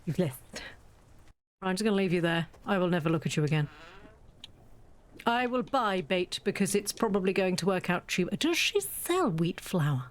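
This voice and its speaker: A woman's voice: lowish voice, normal speed, pauses often. A woman chatting casually and mocking herself as she plays through a farming game. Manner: chatty, self-mocking, thinks aloud. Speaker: game streamer. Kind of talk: casual let's-play commentary.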